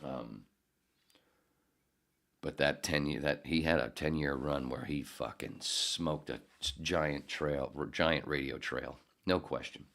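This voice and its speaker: Brief: man in his fifties, booming extreme-low voice, profane, digressive podcast storyteller. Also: vocal fry, a bit bright. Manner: profane, digressive, self-correcting. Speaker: podcast host, former radio producer. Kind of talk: casual rambling storytelling.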